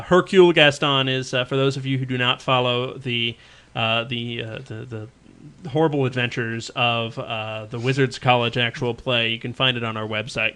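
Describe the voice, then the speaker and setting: Bright-voiced man chatting loosely. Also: mid-range voice. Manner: rambling, many fillers and restarts. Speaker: podcast co-host. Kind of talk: casual chat.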